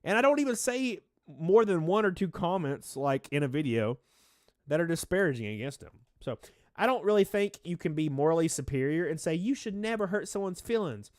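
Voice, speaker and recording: A man's voice: fairly high pitch, no echo, clean studio sound. Stuffy-nosed man rambling on a livestream. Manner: rambling, reads chat names aloud, shouts out donors. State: stuffy nose, out of breath. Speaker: livestream host. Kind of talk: casual livestream chat.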